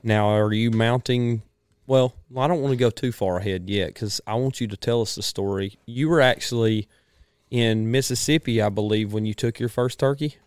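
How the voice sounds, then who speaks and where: Smooth-voiced male podcast host. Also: medium pitch, steady tone, moderate pace, darkish tone, no room sound, studio quality. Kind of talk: interview questioning.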